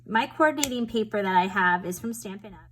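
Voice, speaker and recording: Woman, middle-pitched voice, chatty, rambling, self-deprecating, casual crafting tutorial at home. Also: fast talker, fairly bright tone, slight background noise, poor audio. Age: adult with a school-age daughter. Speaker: papercraft tutorial host.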